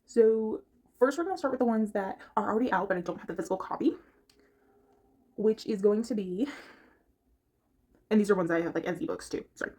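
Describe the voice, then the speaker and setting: A chatty woman talks casually about books, in a voice of ordinary pitch. She rambles from point to point and stops to hunt for the right word. She speaks from her bedroom. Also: a little fast, pauses often, darkish tone. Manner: chatty, rambling, gropes for words. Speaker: book reviewer. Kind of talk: casual chat.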